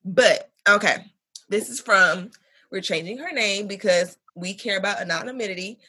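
Husky, bright-voiced woman co-host. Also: mid-range voice, normal speed, no room sound. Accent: African American English. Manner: animated, profane, laughs often. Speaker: podcast co-host. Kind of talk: casual podcast chat, reading a listener email aloud.

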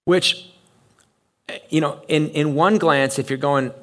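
A man preaching a sermon in a conversational, animated way, acting out the voices he quotes. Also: on the high side, takes it slowly. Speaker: pastor. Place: church.

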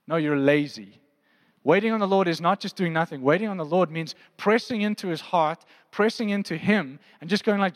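High-voiced man preaching in a reverberant hall. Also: lively intonation, moderate pace. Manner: conversational preaching, asks the room questions. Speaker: pastor. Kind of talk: sermon. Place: church auditorium.

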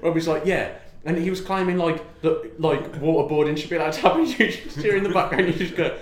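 A man's voice: on the high side, a little fast. A young man co-hosting a podcast in casual chat, rambling, giggling and swearing freely. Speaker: podcast co-host. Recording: echoey room.

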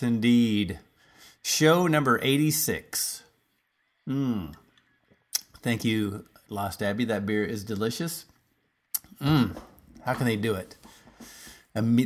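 A man's voice: lowish voice, unhurried, pauses often. A man hosting a podcast in a casual, rambling comedic monologue, full of fillers. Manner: rambling, chatty, lots of fillers. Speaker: podcast host.

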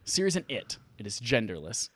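A man hosting a casual live gaming podcast on a headset mic, energetic, crude and joking, laughing often. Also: mid-range voice, a little fast, slightly rough, no room sound. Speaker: podcast host. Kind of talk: casual livestream podcast chat.

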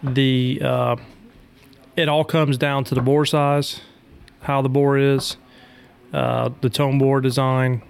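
A man's voice: mid-range voice, level tone, slow, gravelly, long pauses, smooth. A man who makes duck calls, talking casually as a guest on a podcast. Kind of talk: casual interview talk.

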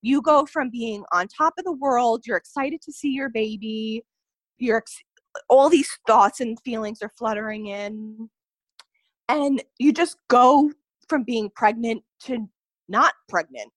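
A woman's voice: on the high side, a little slow, dry recording. A young adult woman telling a personal story as a podcast guest, earnest and full of "like" and "you know". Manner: earnest, filler-heavy telling, often says "like" and "you know".

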